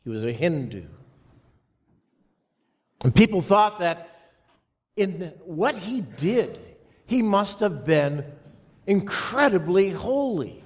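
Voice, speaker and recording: A pastor preaching a sermon to his congregation, slow and emphatic with dramatic pauses. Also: high-pitched, darkish tone. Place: church sanctuary. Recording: long reverb of a church hall.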